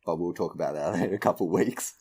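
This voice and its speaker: A man's voice: sits low, fast talker, warm tone, husky. A man co-hosting a podcast, laid-back, swearing casually and laughing often. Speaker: podcast co-host. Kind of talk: casual chat.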